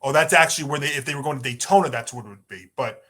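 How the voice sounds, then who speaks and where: A man's voice: mid-range voice, rapid-fire, bright, forceful tone. A man co-hosting a sports podcast, chatty and rambling through his points. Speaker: podcast co-host. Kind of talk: casual sports talk.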